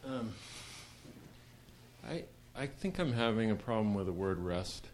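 A man's voice: lowish voice, very animated, measured pace, a little mellow, slight background noise. A man in a meditation class asking hesitant, candid questions of the teacher. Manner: hesitant, candid, self-deprecating.

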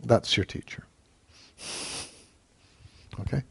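A man teaching meditation, answering questions in a calm, measured way with frequent hesitant fillers. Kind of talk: dharma talk Q&A.

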